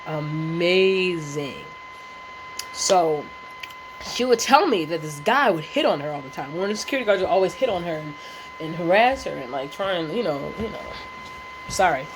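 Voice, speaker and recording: A woman spins a casual storytime for her viewers. She's animated and profane, rambling through slang and fillers. She laughs often along the way. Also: medium pitch, background noise. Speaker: vlogger.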